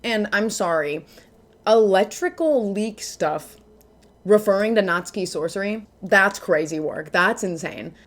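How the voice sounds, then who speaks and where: A woman's voice: medium pitch, lively intonation, unhurried. A young woman in casual video commentary as a manga reviewer, chatty and joking with lots of filler asides.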